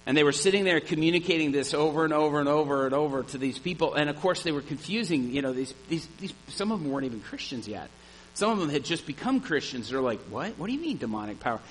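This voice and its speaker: A man's voice: fairly high pitch, expressive, quick pace, poor audio. A man preaching a sermon, earnest and emphatic, retelling conversations and repeating phrases for emphasis. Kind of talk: sermon with storytelling.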